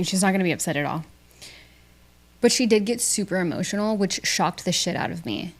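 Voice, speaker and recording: A young woman with a slightly low voice hosts her own podcast from a small home studio. She tells personal stories in a chatty, candid, casual way and swears freely. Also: lively intonation, brisk. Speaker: podcast host. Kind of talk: casual storytelling monologue.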